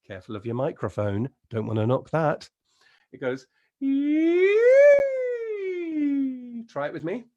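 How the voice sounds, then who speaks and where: A man with an English accent leading an encouraging vocal warm-up lesson as a singing teacher. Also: mid-range voice, lively intonation, a little fast, lo-fi sound. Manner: encouraging, demonstrates sounds and sings.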